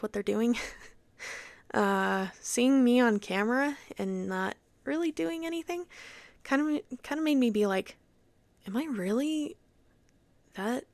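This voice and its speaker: A young woman from Utah hosting a podcast, telling her own story in a chatty, animated way. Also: mid-range voice, vocal fry, dry recording. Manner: chatty, animated, acts out quoted voices. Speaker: podcast host. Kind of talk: casual personal story.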